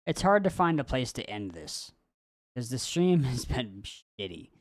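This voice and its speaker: A man streaming a video game live, reacting loudly and swearing at what happens on screen. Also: medium pitch. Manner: excitable, swears and yells at the game. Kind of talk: live gameplay commentary. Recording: noisy stream audio.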